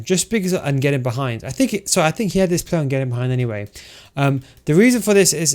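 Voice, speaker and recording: Speaking straight to his viewers, a man whose voice is giving out explains game tactics one step at a time in a relaxed tutorial. He's a video game tactics coach with a medium-pitched, darkish voice.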